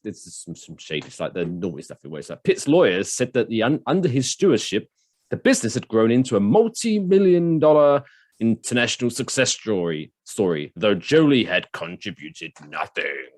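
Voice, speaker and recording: A man's voice: on the low side, sing-song, moderate pace, no echo. A man co-hosting a podcast, chatting in jokey, rambling banter and reading out news bits. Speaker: podcast co-host. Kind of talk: casual comedic banter.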